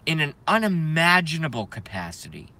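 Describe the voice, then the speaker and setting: A man's voice: a little high, sing-song, normal speed, bright, forceful tone. A man hosting a live stream, ranting heatedly and emphatically and repeating his phrases for effect. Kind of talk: impassioned live-stream rant.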